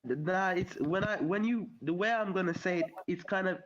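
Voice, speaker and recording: A man's voice: high-pitched, moderate pace, dull audio. A man giving blunt, enthusiastic football fan opinions on a call, repeating his praise words. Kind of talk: casual fan commentary.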